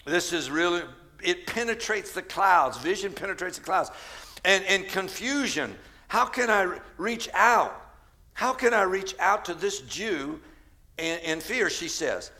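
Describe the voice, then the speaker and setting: A man preaching a Mother's Day sermon with an American accent, swinging from shouted cries to hushed storytelling. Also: on the high side. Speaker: pastor.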